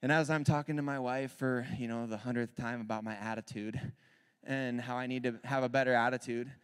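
A man in his thirties preaching a sermon, telling a candid personal story with animated bursts of loud emphasis. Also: mid-range voice, a little fast, smooth. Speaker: worship leader preaching. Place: church sanctuary. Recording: long hall reverb.

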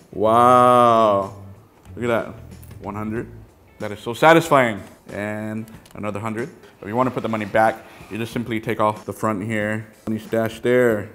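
A man reviewing a toy set in a casual, excitable way, often trailing off into quiet mumbles. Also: fairly low pitch.

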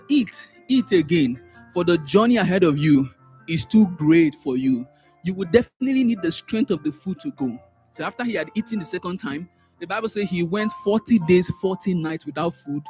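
A man teaching a Sunday school class. He repeats words, restarts phrases and swings up sharply in pitch and loudness when he stresses a point. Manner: animated, rises sharply in pitch and volume for emphasis, trails off in asides. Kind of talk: church Bible teaching.

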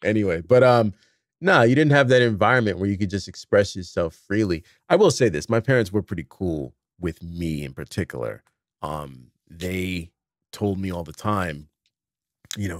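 A middle-aged man hosts a podcast in relaxed conversation, his low voice swinging widely as he acts out the people in his story. The sound is dry and close to the mic. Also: moderate pace, no room sound. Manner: animated storytelling, acts out dialogue. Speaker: podcast host. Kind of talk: casual conversation.

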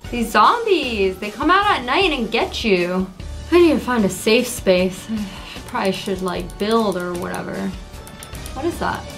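A young woman giving casual, excitable commentary while playing a video game for the first time, yelping at enemies. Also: mid-range voice, measured pace, over music. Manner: excitable, yelps and scolds at enemies. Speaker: gaming creator. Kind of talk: casual let's play commentary.

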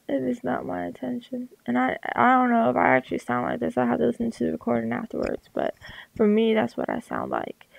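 Young woman, art vlogger, gravelly crackly voice, slightly high, dry headset sound, rambling casual delivery. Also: big pitch swings, normal speed, no echo. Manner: rambling, many fillers and restarts. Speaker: artist vlogger. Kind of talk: rambling casual talk over a drawing.

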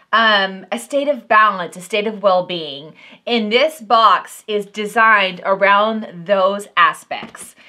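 Bubbly Southern Texan woman, bright lively voice. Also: medium pitch. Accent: Southern US (Texas). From Southern Texas. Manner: chatty, excitable, drawls and says y'all. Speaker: vlogger, unboxing host. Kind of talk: casual unboxing chat to camera.

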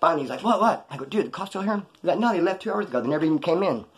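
A man tells a story from his past in a loose, slangy ramble, and his voice sits a little high. He talks quickly and jumps between threads. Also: lively intonation. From California, USA. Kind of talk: casual storytelling on a live stream.

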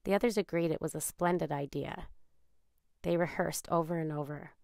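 A woman calmly narrating a children's picture book read aloud. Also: low-pitched, vocal fry, dry recording, studio quality. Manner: calm, measured. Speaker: storyteller.

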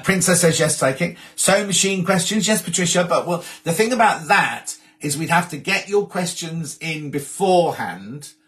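A man hosting a laid-back live stream and reading viewers' messages aloud. His voice sits a little high for a man. He rambles cheerfully, cuts himself off and wanders between topics. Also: pushed and bright. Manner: chatty, rambling, breaks off mid-sentence. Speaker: host.

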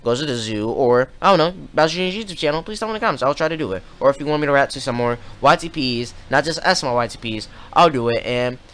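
A man giving casual reaction commentary on a video, talking haltingly with repeated words and many fillers. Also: mid-range voice, expressive, a bit bright, clean tone. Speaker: YouTube reactor.

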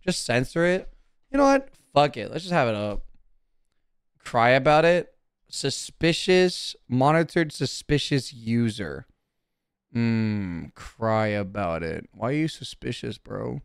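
A man's voice: mid-range voice, big pitch swings, measured pace, smooth, no room sound, studio quality. A young man streaming casually, talking to his chat in a brash, profane, defensive way.

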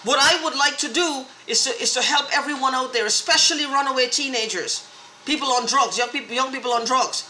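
A woman's voice: high-pitched, a little fast, sharp tone, reverberant, slight background noise. A woman in an angry, profane, repetitive rant, talking straight to the camera. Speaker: vlogger. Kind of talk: agitated monologue to camera.

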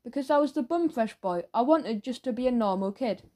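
A woman's voice: fairly high pitch, expressive, fairly quick, dark tone, lightly acted. A woman voicing a shy, awkward, apologetic twelve-year-old boy who speaks hesitantly. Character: shy, awkward rich schoolboy.

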